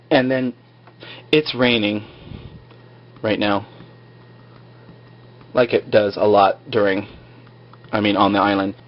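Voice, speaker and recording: A man's voice: mid-range voice, dull audio. A man recapping a TV episode in a loose, casual way, full of fillers and joking asides. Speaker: video blogger recapping a TV episode.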